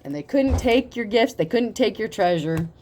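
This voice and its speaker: A woman giving a casual tarot reading, talking in a profane, animated way and laughing often. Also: mid-range voice, normal speed, noisy background. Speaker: tarot reader.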